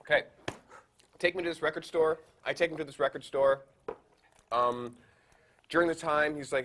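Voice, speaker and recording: A man from Canada, a podcast guest, telling a story in an animated, casual way full of fillers. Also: fairly high pitch, normal speed, long pauses, a little hiss or hum. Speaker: guest photographer.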